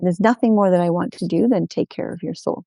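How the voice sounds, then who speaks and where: A woman's voice: fairly low pitch, brisk, creaky, warm tone, dry recording. A woman playing a coaxing young wife. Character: devoted young wife, sweet-talking.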